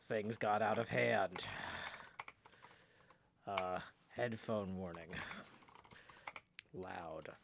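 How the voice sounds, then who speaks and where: A man's voice: lowish voice, extremely slow, vocal fry, long pauses, background noise. A tired man running a live game stream, reading chat messages aloud and bantering with viewers at a desk microphone. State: tired, low on energy.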